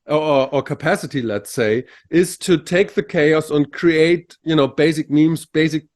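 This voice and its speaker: A man's voice: fairly high pitch, unhurried. Male podcast co-host, casual explainer, lots of fillers. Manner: searching, filler-heavy explaining. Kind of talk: casual philosophical conversation.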